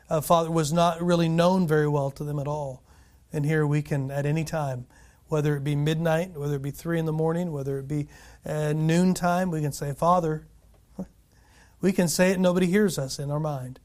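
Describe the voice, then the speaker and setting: A man pastor giving an earnest, animated sermon, often restarting phrases and putting questions to the congregation. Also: a little high.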